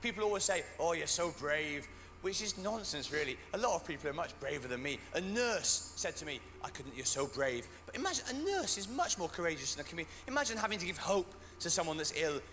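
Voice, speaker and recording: A man's voice: sits high, sing-song, fast, few pauses, pushed and bright. A British man doing dry, self-deprecating stand-up comedy, recorded on stage in a venue with an audience. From Britain. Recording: echoey venue, faint noise.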